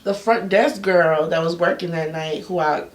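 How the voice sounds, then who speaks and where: A young woman telling a personal story in a casual, candid vlog, full of slang and animated asides. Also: lowish voice, normal speed. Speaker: YouTube storyteller. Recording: echoey room, a bit off-mic.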